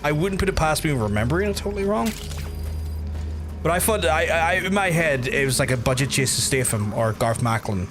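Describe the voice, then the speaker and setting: A man's voice: on the high side, expressive, fairly quick. A man in a casual gaming livestream who rambles and swears often while he talks to chat. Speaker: gaming streamer. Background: game music.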